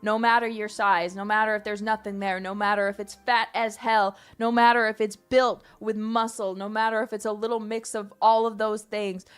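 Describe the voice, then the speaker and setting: A woman's voice: medium pitch, little pitch movement, normal speed, few pauses, smooth, soft background music. A young woman streaming, chatting casually in a playful, rambling way with theatrical bursts. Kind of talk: casual live-stream chat.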